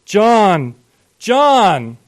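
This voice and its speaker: A man voicing a furious, condemning farmer father who yells at his son. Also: mid-range voice, measured pace, lightly acted. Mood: enraged shouting. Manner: yelling, condemning.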